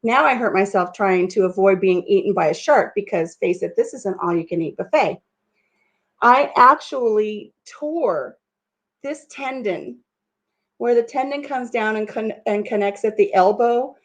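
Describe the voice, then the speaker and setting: A woman vlogger telling a story in a casual chat, animated and self-mocking, laughing often and swearing freely. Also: medium pitch, measured pace, highs cut off.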